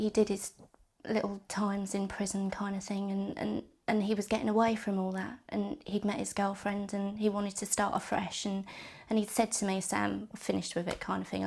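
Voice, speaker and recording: Flat, gravelly-voiced woman giving testimony. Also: mid-range voice. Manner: halting, with repeated words and restarts. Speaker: bereaved sister interviewed. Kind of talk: personal testimony interview.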